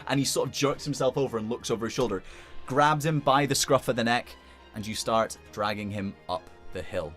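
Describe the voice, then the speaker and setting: A man's voice: medium pitch, a little fast, a bit bright, faint music behind. A man narrating as game master, in loose, chatty narration full of fillers.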